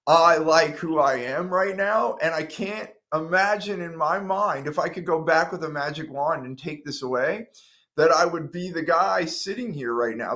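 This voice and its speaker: A middle-aged man, a guest on a talk show, earnestly telling his own story and acting out what he once said to himself. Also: a little high. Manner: earnest, animated, acts out his own past words. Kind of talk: interview storytelling.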